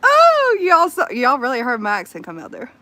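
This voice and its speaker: A woman with a Southern US accent, chatting casually with her livestream viewers from her phone, animated and quick to squeal and laugh. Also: on the high side, no echo. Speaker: livestream host.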